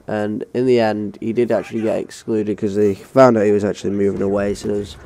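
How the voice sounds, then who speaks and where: A man's voice: on the low side, level tone, fairly quick, creaky, mellow, a little hiss or hum. A young man with an English accent telling a rambling, sweary story time while playing a game. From England. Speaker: gaming channel host. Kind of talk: story time over gameplay.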